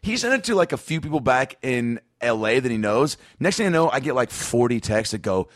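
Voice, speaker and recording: A man's voice: medium pitch, very animated, a little fast, no echo, studio quality. Man telling a rowdy story. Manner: acts out voices in quoted dialogue, swears, laughs a lot. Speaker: podcast guest. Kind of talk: animated storytelling.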